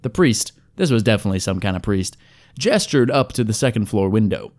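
A man's voice: on the low side, lively intonation, fairly quick, darkish tone. A man reading a fantasy story aloud as narrator, in a wry storytelling manner. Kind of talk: scripted narration.

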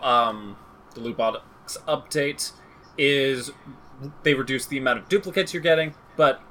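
A man with a bright, forward voice runs through game update notes on a casual podcast. He jokes and rambles, poking fun at himself and his co-host. A faint hum of background noise sits under the recording. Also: medium pitch. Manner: joking, rambling, self-deprecating. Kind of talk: casual chat reading game patch notes.

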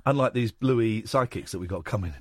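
A man hosting a late-night radio show, chatting with sarcastic, animated banter. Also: lowish voice, a little fast, dry recording, clean studio sound. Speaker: radio host. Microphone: studio microphone.

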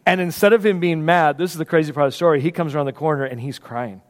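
A man preaching a sermon, telling a story with lively acted-out voices, moving between loud bursts and hushed moments. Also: on the high side, quick pace. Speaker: pastor. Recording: long hall reverb.

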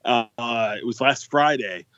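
A man co-hosting a casual podcast, telling stories in a profane, animated way. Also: medium pitch, a little slow, no room sound, dull audio. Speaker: podcast co-host.

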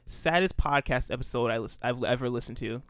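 A man's voice: mid-range voice, a little fast, no echo, clean studio sound. A man in casual podcast chat, plugging his shows with a rambling, filler-heavy, laid-back manner. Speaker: podcast co-host.

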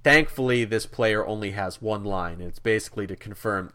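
A man co-hosting a podcast, telling a story in a casual, animated way with many asides. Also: fairly low pitch, a little fast, hardly any pauses. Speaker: podcast co-host.

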